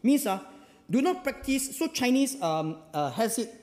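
A male pastor with a Singaporean English accent preaching a sermon. He talks in an animated, conversational way, drops "ah" and "lah" at the ends of phrases and keeps asking the congregation rhetorical questions. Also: very high-pitched, a little slow. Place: church hall. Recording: long hall reverb.

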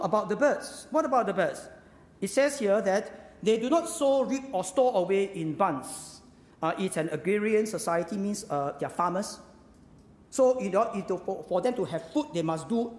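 A preacher, delivering a sermon with emphatic rhetorical questions and sudden drops to a hushed voice. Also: medium pitch, expressive, unhurried. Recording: echoey hall with long reverb.

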